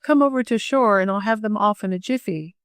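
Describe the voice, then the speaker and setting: A woman voicing an eager, protective young man in an audiobook of a classic girls' novel, speaking gently and urgently. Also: medium pitch, a little fast, smooth, dry recording, studio quality, close to an everyday voice. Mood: gentle.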